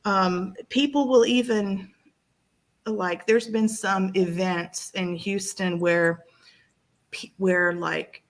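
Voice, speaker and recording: A woman co-hosting a casual talk show, her voice sitting in a middle pitch. She talks with strong feeling, rambling and restarting her sentences as she goes. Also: fairly even intonation, slow, poor audio. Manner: emotional, rambling with many restarts. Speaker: podcast co-host. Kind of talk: casual chat.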